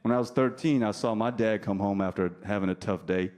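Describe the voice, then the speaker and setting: A male comedian from New Jersey performing stand-up, teasing the crowd in a deadpan way while telling stories. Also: on the low side, brisk. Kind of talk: stand-up routine with crowd work. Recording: live club recording with audience noise. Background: audience laughter.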